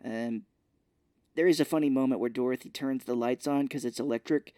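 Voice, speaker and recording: A man co-hosting a podcast, casually retelling a film's scenes and slipping into quick voices for the characters. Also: mid-range voice, steady tone, warm tone, clear, resonant tone, no room sound, clean studio sound. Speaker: podcast co-host. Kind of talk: casual movie recap chat.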